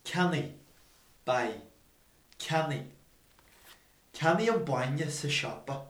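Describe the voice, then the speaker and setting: A man with a somewhat raised pitch reads a language lesson at a very slow pace. His voice carries a noticeable roomy echo, and he says every example twice for learners. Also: expressive, a bit bright. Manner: slow, deliberate, repeating examples. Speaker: language teacher.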